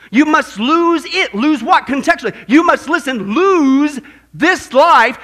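A man's voice: extremely high pitch, bright, forceful tone. A man preaching a sermon as pastor, emphatic and jokey, often checking in with his listeners by asking "right?".

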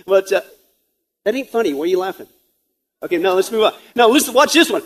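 High-voiced joking pastor, a man. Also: expressive, brisk, pauses often, a bit bright. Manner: joking, conversational, with rhetorical asides; grows emphatic and urgent. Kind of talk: sermon.

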